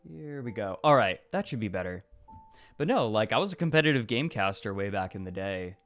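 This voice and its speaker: A man's voice: on the low side, big pitch swings, fairly quick, a bit bright. A man hosting a casual livestream, rambling and chatty and laughing often. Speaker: stream host. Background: faint music.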